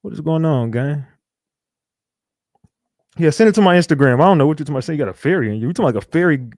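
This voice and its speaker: A man's voice: on the high side, animated, fast, a little mellow, dry recording, clean studio sound. A man hosting a casual livestream, bantering loosely and reacting to his chat. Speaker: livestream host.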